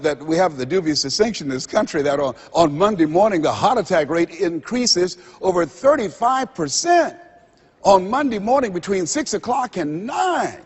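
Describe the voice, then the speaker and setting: Raspy motivational speaker in a reverberant hall. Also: male voice, high voice. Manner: preacher-like, dramatic pauses, repeats phrases. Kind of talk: motivational seminar speech. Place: seminar hall before a live audience. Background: audience laughter.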